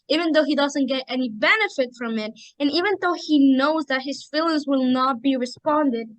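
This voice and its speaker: A woman's voice: high-pitched, no room sound, rough recording. A young woman chatting on a podcast as an emotional fan who keeps acting out quotes. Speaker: podcast co-host or guest. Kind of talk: casual chat.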